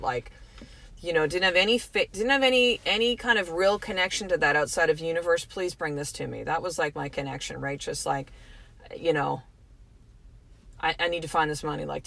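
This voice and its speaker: A woman's voice: low voice, gravelly, a bit bright. Candid, emphatic woman podcast host. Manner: candid and emphatic, swears freely, addresses listeners directly. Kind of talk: motivational podcast monologue.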